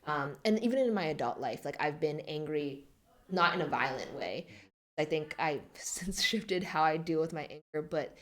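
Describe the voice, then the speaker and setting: A woman in her twenties, a podcast guest, talking reflectively and softly with many fillers. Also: sits low, animated, moderate pace. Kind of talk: podcast interview.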